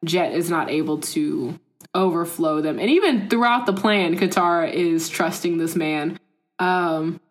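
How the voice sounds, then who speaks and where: A woman's voice: lowish voice, measured pace. A woman co-hosting a casual podcast, recapping episodes with laughs and playful quoted voices. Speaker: podcast co-host. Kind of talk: casual chat.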